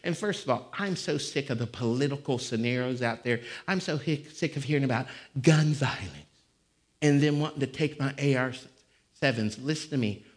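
A man preaching a sermon in a church. He talks casually, then suddenly belts out fiery, shouted lines. His voice sits at an ordinary male pitch. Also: moderate pace. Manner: fiery, shouting bursts between conversational stretches. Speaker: pastor. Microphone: live-streamed service mic.

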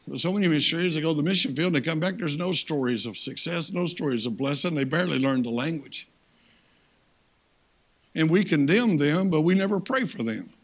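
A male preacher delivering a sermon with a high-pitched, gravelly voice. He tells homespun stories and bursts into loud acted voices for his characters. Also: animated, brisk. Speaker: guest preacher.

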